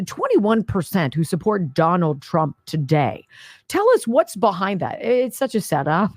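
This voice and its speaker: A woman's voice: lowish voice, sing-song, measured pace, no echo, clean studio sound. A middle-aged woman hosting a talk radio show, emphatic and sarcastic as she comments. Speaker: radio host.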